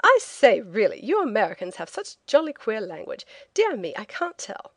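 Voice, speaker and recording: A woman's voice: mid-range voice, wildly swooping pitch, moderate pace, fairly bright tone, no room sound, heavily acted. A woman voicing a pompous upper-class Englishman who exclaims in a prim, fussy manner. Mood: bantering.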